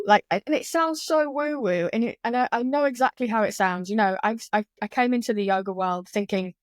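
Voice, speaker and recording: A woman of middle pitch, speaking as a yoga teacher who is a guest on a conversational podcast. She talks in a candid, animated way and swears now and then. The sound is dry and close, with almost no room echo. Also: fairly quick, hardly any pauses.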